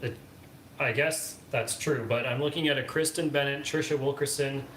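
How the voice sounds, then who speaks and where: A man co-hosting a home livestream chats casually and reads out viewer comments in a dry, wry way. His mid-range voice is steady and fairly bright at normal speed, recorded in an echoey room with clear background noise.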